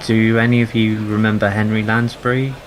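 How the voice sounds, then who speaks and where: Casting: lowish male voice, conversational co-commentator, faint noise. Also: level tone, fairly quick, poor audio. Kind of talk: casual chat during commentary.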